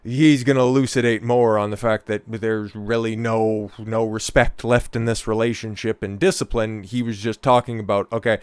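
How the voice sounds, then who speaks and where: Smooth-voiced profane male streamer. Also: on the low side, level tone, normal speed, hardly any pauses, darkish tone, no echo. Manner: profane, sarcastic. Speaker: live stream host. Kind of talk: casual commentary on a clip.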